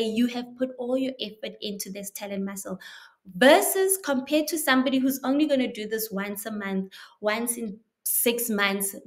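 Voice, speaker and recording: A woman hosting a motivational talk, emphatic and coaching, often checking in with "right?". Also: a little high. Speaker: motivational host.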